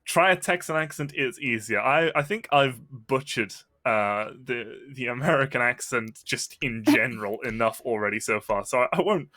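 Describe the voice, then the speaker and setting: A man's voice: medium pitch, lively intonation, moderate pace, few pauses. A man casting a tactical shooter match, giving play-by-play with joking banter. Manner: chatty, joking banter between calls. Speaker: esports caster. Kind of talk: play-by-play game commentary. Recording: loud game gunfire behind the voice. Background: game gunfire and clicks.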